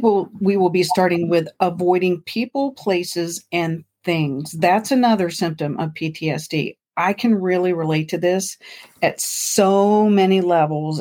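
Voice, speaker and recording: A woman with a somewhat low voice co-hosts a casual podcast chat. She tells her stories with bright enthusiasm and animated energy, laughing easily. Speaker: podcast co-host.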